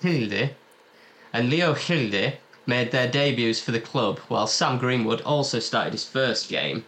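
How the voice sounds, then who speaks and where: A man's voice: mid-range voice, expressive, a little slow, fairly bright tone. A man presenting a podcast in casual chat, leading the topics and laughing easily.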